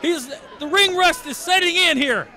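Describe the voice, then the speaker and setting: Excitable male ringside announcer, very high pitch, frequent shouts and exclamations. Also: moderate pace, a faint crowd, a little hiss or hum. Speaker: play-by-play wrestling commentator. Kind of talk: excited live play-by-play commentary.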